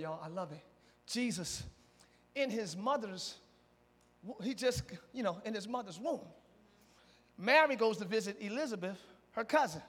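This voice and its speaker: A man pastor preaching a lively storytelling sermon in church, moving between hushed talk and shouts. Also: high voice. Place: church sanctuary, live service. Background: soft band music.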